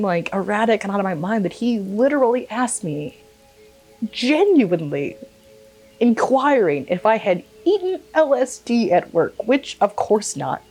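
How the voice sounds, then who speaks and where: A young woman vlogger telling a personal story in a casual way, animated and swearing freely, acting out quotes. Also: medium pitch, normal speed.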